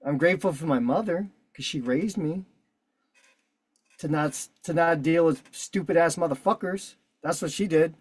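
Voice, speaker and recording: A man's voice: on the high side, normal speed, breathy edge. Profane combative man on a video call. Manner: profane, combative, talks while filling out a form. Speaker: online meeting host. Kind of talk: casual instructional walkthrough.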